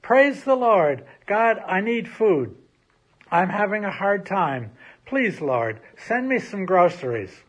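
A man doing a shouting, joyful old woman. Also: medium pitch, big pitch swings, slightly rough, pitched above the performer's own voice, heavily acted. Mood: pleading. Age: older. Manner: shouting, drawn-out exclamations. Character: bold elderly woman of faith shouting praise. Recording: slightly muffled recording.

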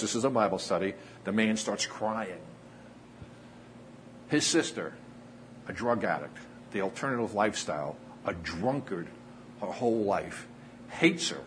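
Low-ish guy preaching, earnest, pausey, acts out the quotes, bit of faint hiss behind. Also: fairly bright tone, low-quality recording. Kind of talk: sermon storytelling.

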